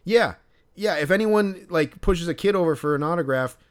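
A man's voice: on the high side, moderate pace. A man co-hosting a podcast, in casual chat, ranting and swearing a lot. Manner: profane, ranting. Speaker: podcast co-host.

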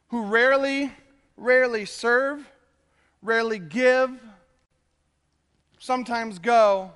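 A man, a pastor, giving a conversational and animated sermon to his congregation. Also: extremely high pitch, clean tone, long reverb tail. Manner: conversational, animated preaching with quick asides. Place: church sanctuary.

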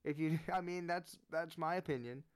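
Guy doing sports opinion commentary, earnest and animated, smooth kinda high voice. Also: moderate pace. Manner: earnest and animated, rising in pitch when making his point.

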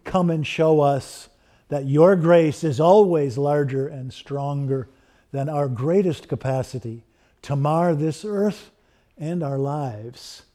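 A man's voice: fairly high pitch, slow pace, warm tone. A male preacher giving an earnest sermon that builds into a fervent closing prayer.

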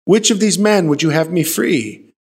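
A man's voice: fairly high pitch, normal speed, husky, pitched above the performer's own voice. A man voicing Pilate, raised and insistent. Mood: pressing. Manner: raised, pressing questions. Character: Roman governor Pilate, stern, questioning, exasperated.

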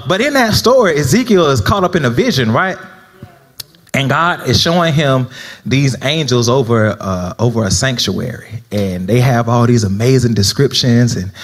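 A young South Florida man, serving as minister, delivers a sermon in an unhurried, medium-pitched voice. He keeps it conversational, laughing on the side and checking in with the congregation.

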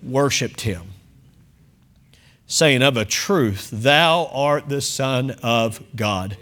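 Male pastor, high and sharp-toned; animated sermon delivery with emphatic scripture reading and light laughter. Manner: animated, emphatic reading with chuckles and asides to the congregation. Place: church sanctuary.

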